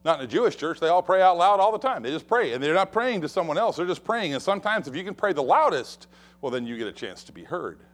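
Male pastor mid-sermon, high-pitched and lively, acts out the quotes. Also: quick pace. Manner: expressive preaching, acts out quoted voices.

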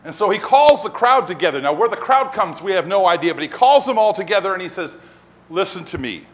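A man preaching a sermon as pastor, telling the story in an animated way and acting out scenes. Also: sits high, fast talker.

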